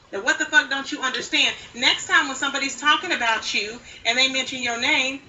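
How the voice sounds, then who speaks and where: A woman's voice: high voice, fairly quick. A woman livestreamer scolding someone in a profanity-heavy, confrontational rant, replayed from another stream. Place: played back from another live stream. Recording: bright clip with background noise, far from mic.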